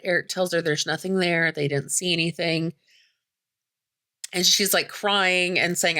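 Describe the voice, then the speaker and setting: Low-pitched, chatty woman recapping a movie. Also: fairly even intonation, moderate pace, sharp tone. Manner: chatty, many "like" fillers, swears freely. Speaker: podcast host.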